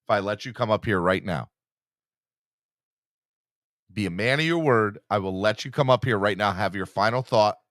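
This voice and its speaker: A man hosting a live fan podcast in a casual, teasing, animated way, hyping himself up. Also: fairly low pitch, moderate pace, long pauses, no echo, studio quality. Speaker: podcast host.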